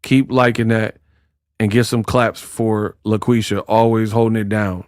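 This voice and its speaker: A man's voice: lowish voice, little pitch movement, a little slow, a little mellow, no room sound, clean studio sound. A man hosting a casual commentary stream, talking in slangy, teasing rants. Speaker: YouTuber streamer.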